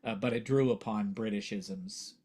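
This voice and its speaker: A man, a voiceover actor and coach, talking earnestly in a casual interview and growing animated as he makes his points. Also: fairly low pitch, moderate pace. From United States.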